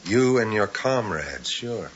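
An actor playing a confused, paranoid middle-aged patient who talks in halting, drowsy fragments that turn suspicious. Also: male voice, on the low side, big pitch swings, slight background noise. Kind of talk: television drama acting. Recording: dull, slightly muffled TV soundtrack.

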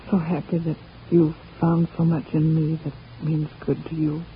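An actress playing a devoted sweetheart who speaks softly and adoringly, in 1930s radio drama acting. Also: female voice, low voice, level tone, moderate pace, a little hiss or hum, natural voice. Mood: tender. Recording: dull lo-fi old radio recording.

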